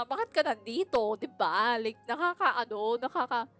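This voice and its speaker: A woman's voice: on the high side, normal speed. A young adult woman with a Filipino accent telling a candid personal story on her podcast, mixing English and Tagalog, swearing and laughing as she goes. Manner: animated, switches between English and Tagalog, swears freely, laughs. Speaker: podcast host.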